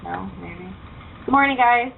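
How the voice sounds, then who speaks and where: A woman's voice: on the high side, expressive, a little slow, gravelly. A woman hosting a casual internet radio show. She talks loosely and swears often. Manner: loose, profane, chatty. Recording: tinny phone-like line with faint hiss.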